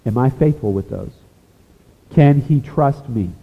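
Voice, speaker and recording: A pastor preaching a sermon, earnest, rising to emphatic points and dropping to a hushed, confessional tone. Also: male voice, medium pitch, lively intonation, measured pace. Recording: echoey hall over a tinny phone-like line.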